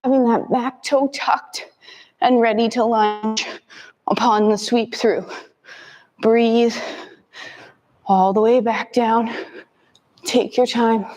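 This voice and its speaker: A woman fitness instructor calmly cueing a kettlebell workout with short step-by-step commands, breathing hard between sets. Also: on the high side, slow, pauses often, highs cut off.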